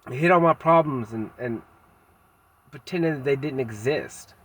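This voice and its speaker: A man delivers a candid personal monologue in a husky, slightly rough voice at an ordinary mid pitch. He speaks haltingly and reflectively, with many fillers and pauses, then turns blunt and self-critical in plain casual slang. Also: fairly bright tone. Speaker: vlogger.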